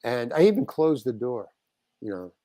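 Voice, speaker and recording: A man's voice: medium pitch, very animated, moderate pace, mellow, dry recording. Older guy telling a story in an interview, lots of stops and restarts, dry close sound. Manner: storytelling with restarts, acting out quoted exchanges. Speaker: guest actor.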